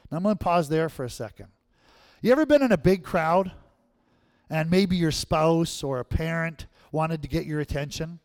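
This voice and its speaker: A man's voice: on the high side, expressive, normal speed, darkish tone, dry recording, studio quality. A male pastor giving a sermon in a conversational way, often checking in with the audience. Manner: conversational, keeps asking the audience "right?".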